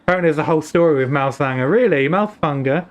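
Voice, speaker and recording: A man's voice: a little high, animated, quick pace. A British man casually commenting as he plays, often muttering to himself. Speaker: streamer.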